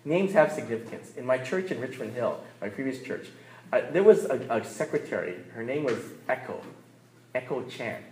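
A man's voice: medium pitch, lively intonation, moderate pace, darkish tone, slight background noise. A man in his thirties preaching a sermon in a conversational way, often checking in with "right?" and laughing between points. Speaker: pastor. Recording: roomy echo.

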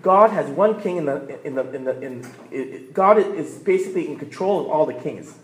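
A man's voice: on the high side, animated, normal speed. Chatty male pastor in a roomy church. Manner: conversational, asks "right?" often, laughs between points. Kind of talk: sermon. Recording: roomy echo.

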